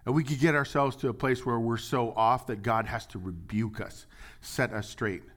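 Male pastor, sermon delivery; animated, dramatic quoting, drops to hushed asides, mid pitch. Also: normal speed. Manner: animated, swings between loud acted quotes and quiet asides.

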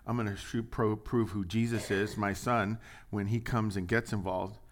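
A middle-aged male pastor preaching a conversational sermon, dropping to hushed asides and rising to loud, emphatic readings. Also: lowish voice, fairly even intonation, moderate pace, a little hiss or hum.

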